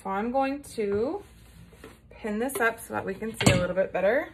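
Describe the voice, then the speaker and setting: A woman's voice: medium pitch, moderate pace, very noisy. A woman teacher giving a recorded lesson to young children, patient and encouraging, often checking in with a "right?".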